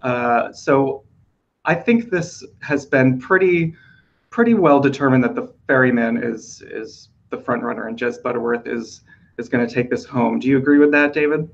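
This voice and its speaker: A man hosting an awards-prediction chat, hoarse from losing his voice, chatty and loose with filler ums. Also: mid-range voice, moderate pace, muffled recording. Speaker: podcast host.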